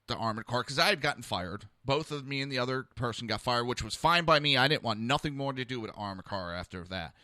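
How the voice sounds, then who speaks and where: A man's voice: on the low side, pushed and bright, no echo, clean studio sound. A man hosting a podcast, telling a personal story in a heated, rambling, blunt way. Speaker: podcast host.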